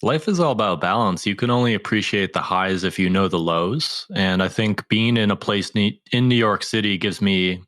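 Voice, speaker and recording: Chill american guy on a podcast, lowish voice, dry recording. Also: moderate pace, few pauses, no room sound. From United States. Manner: relaxed, laid-back. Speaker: guest, YouTuber and hiker. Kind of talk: casual podcast interview.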